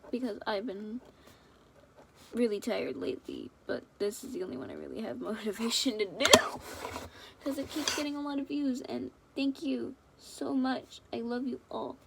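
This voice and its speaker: A woman's voice: fairly high pitch, sing-song, moderate pace, vocal fry, a little hiss or hum. Rambling giggly young woman chatting. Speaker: fan video creator. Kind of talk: rambling casual chat to viewers.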